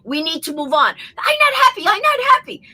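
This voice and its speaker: A man's voice: very high-pitched, very animated, fairly quick, pushed and bright, pitched above the performer's own voice, heavily acted. A woman voicing an exasperated male submarine pilot with a Russian accent, speaking in blunt, clipped complaints.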